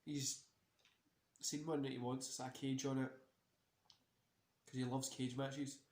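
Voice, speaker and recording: A man's voice: medium pitch, level tone, measured pace, a little mellow. Tired, rambling man in a roomy room. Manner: rambling, swears freely, many fillers. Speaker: host. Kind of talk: casual wrestling watch-along chat. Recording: roomy echo.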